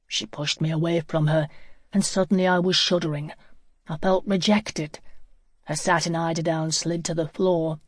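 An audiobook narrator reading a first-person novel in a measured, reflective way. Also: mid-range voice, fairly even intonation, husky, no echo, clean studio sound.

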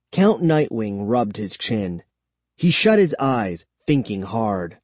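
Male audiobook narrator, slow and lively, mellow tone, dry close mic. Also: lowish voice, no room sound. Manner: slow, expressive storytelling.

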